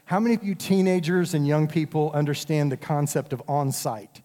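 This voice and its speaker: A man's voice: a little high, a little fast, hardly any pauses, dark tone. Man preaching in a big reverberant hall. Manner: conversational preaching, addresses the congregation directly. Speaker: pastor. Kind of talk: sermon.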